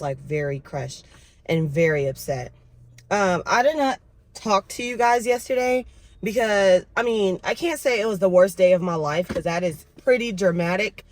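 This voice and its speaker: A young woman vlogging casually to camera, telling her week in an expressive, venting way. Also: mid-range voice. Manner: expressive, venting, lively storytelling. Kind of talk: casual vlog talk to camera.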